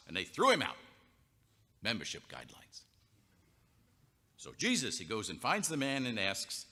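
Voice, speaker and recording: A man's voice: on the low side, very animated, normal speed, pushed and bright. A man telling a story in a wry, theatrical comic way on a chapel stage. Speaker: storyteller performer. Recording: reverberant chapel hall.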